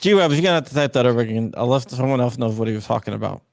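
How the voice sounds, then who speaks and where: A man's voice: mid-range voice, lively intonation, very fast, creaky, a little hiss or hum. A man hosting a live stream, reading viewer questions aloud and joking about them. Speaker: host.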